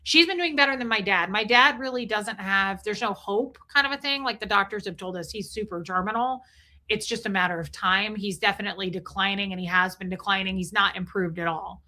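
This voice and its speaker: A woman's voice: medium pitch, brisk, sharp tone. A middle-aged woman hosting a livestream, chatting in a rambling, emotional way and thanking viewers as she goes. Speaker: livestream host. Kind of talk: casual livestream chat.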